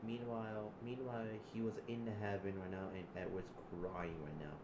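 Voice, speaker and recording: A man improvising a role-play with a chatbot, halting and rambling, repeating words, with loud excited bursts. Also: on the low side. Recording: echoey room with background noise.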